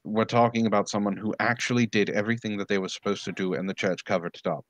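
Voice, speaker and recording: A man's voice: on the low side, fairly even intonation, fast talker, no room sound. Indignant, swearing man, dry sound. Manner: indignant, blunt, swears freely. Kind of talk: casual live discussion.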